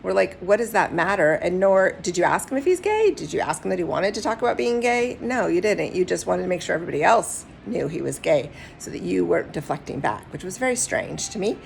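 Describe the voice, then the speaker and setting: A woman matchmaker giving candid, direct advice to camera and telling stories with animated retellings. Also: on the low side, brisk, gravelly, hardly any pauses, slight background noise. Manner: candid, direct, animated storytelling with acted quotes.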